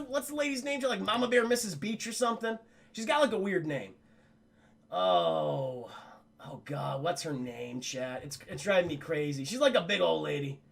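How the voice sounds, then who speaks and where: A young man retells a movie to his livestream chat in a loose, animated, profane way. His voice sits high and carries gravelly fry, with a bright, forward edge. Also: normal speed. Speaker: film reviewer livestreaming to chat. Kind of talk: casual spoiler review on a livestream.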